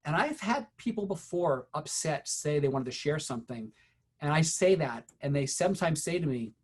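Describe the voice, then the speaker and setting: A middle-aged man giving a teacher training, telling a story in a conversational, unhurried way with many fillers. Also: on the high side, animated, breathy edge.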